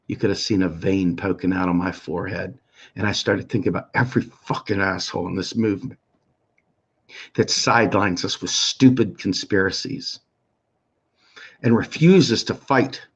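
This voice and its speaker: A middle-aged man giving an impassioned, profane rant full of pleading questions, swinging between a raised voice and a low one. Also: steady tone, normal speed, husky. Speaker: political activist commentator. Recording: muffled lo-fi recording.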